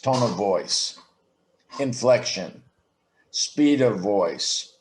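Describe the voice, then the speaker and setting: His lowish voice is expressive and a little mellow, with a roomy sound, as he appears as a podcast guest over video call. He reflects slowly on his ideas in a conversational interview, often restarting sentences.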